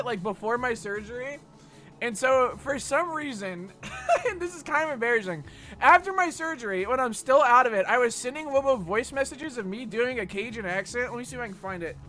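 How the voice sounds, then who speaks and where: Lively, bright-voiced male streamer. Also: extremely high pitch, normal speed, faint music behind. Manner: rambling, profane and animated. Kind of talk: casual chat while gaming.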